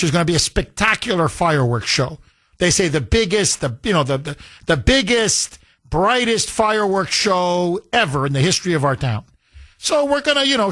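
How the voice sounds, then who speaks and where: A man with a high-pitched voice hosts a call-in radio show. He talks emphatically and rambles through asides. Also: bright, forceful tone. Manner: emphatic, rambling, laughs at his producer. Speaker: radio talk show host. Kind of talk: political call-in radio talk.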